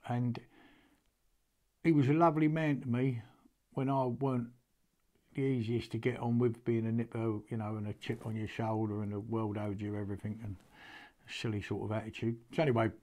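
An older Englishman talks casually and with feeling, in a homely, rambling way. His voice sits at an ordinary middle pitch, and he often stops and starts again mid-sentence. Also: flat delivery, a little fast, darkish tone. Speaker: horseman showing an antique. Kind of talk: casual storytelling to camera.

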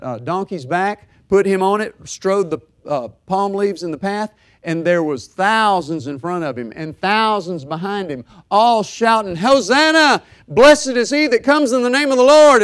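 A middle-aged man pastor preaching a sermon, swinging from loud fervor to soft, hushed talk. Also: sits high.

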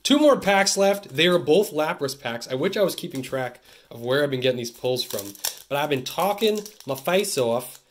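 A young man from Canada hosting a card-opening video, chatting to camera in an excitable, jokey way that swings between loud bursts and muttered asides. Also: a little high, normal speed, a little hiss or hum. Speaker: card-opening channel host. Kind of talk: casual pack-opening chat to camera.

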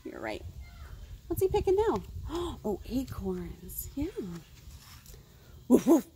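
A woman librarian reading picture books aloud to young children, animated and full of gasps and questions to her listeners. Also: high voice, slow pace, a little hiss or hum.

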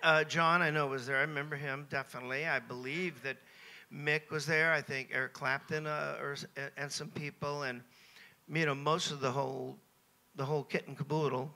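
An American man in his seventies, a guest at a Q&A on a cruise ship, telling anecdotes in a lively, self-mocking way and chuckling between phrases. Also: on the high side, moderate pace. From United States. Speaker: interview guest. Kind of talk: anecdotal Q&A storytelling.

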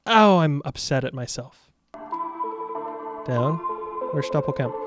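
A young man giving jokey, animated commentary over his own football video game matches. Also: fairly high pitch, takes it slowly, over music. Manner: animated, jokey, shouts at big moments. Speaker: gaming YouTuber. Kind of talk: excited gameplay commentary.

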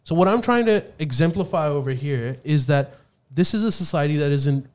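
A man co-hosting a podcast, explaining politics in a halting, filler-heavy way. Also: on the high side, expressive, darkish tone. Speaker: podcast co-host.

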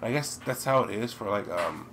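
A man's voice: on the low side, expressive, moderate pace, background noise. Rambling young American gamer guy. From United States. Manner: rambling, chatty, bursts into loud yelps. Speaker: let's play gamer. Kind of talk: game commentary.

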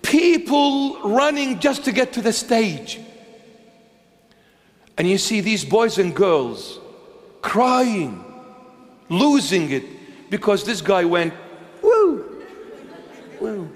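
A bishop preaching a sermon in a church, emphatic and repetitive, swinging between loud insistence and hushed low phrases. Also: male voice, very animated, slow pace, pauses often. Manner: emphatic, repetitive, dramatic swings in pitch and loudness. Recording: long reverb of a large church.

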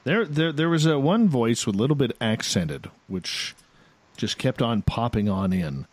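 A male radio host chatting casually and reading out listeners' results in a halting, unhurried way. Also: mid-range voice, expressive, no echo. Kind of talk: casual talk-radio chat.

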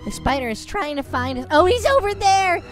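A woman hosting a gaming channel, giving chatty, excitable gameplay commentary. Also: very high-pitched, fairly quick. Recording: game music playing underneath.

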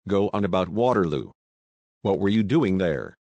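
A man's voice: deep voice, animated, normal speed, a little mellow, no room sound, highs cut off. A man reading the part of a determined young woman who questions people firmly and impatiently.

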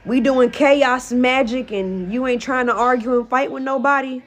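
Young woman reading tarot casually, high-pitched, salty and animated. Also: moderate pace, soft background music. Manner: blunt, profane, animated. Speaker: tarot reader.

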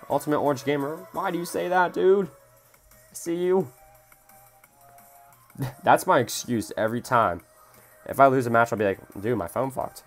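A young man live-streaming a mobile game, swearing at his phone and answering chat as he plays. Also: medium pitch. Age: young adult. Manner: frustrated, swearing, reading chat aloud. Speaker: gaming streamer.

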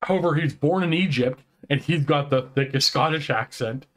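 Man, excitable casual chat, fairly high voice, animated, stumbling restarts. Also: normal speed. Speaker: podcast co-host.

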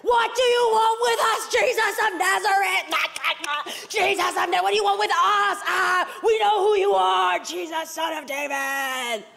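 A woman's voice: extremely high pitch, unhurried, vocal fry, hardly any pauses, sharp tone, soft background music, pitched above the performer's own voice, full character voice. A woman voicing a screaming, taunting impure spirit in a sermon. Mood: shrieking. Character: shrieking male impure spirit, possessed. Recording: long hall reverb.

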